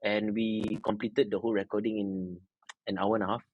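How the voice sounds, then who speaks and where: A man's voice: on the low side, moderate pace, lo-fi sound. A man from Malaysia with a Malaysian English accent, chatting casually as an interview guest and slipping Malay words into his English. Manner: relaxed, mixes in Malay words and "lah".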